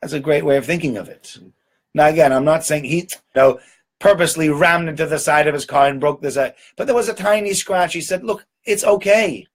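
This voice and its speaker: A man's voice: on the high side, brisk. A man giving an informal Torah lecture in a conversational way, often checking in with "right?" and doubling words for emphasis. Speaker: rabbi giving a Torah talk.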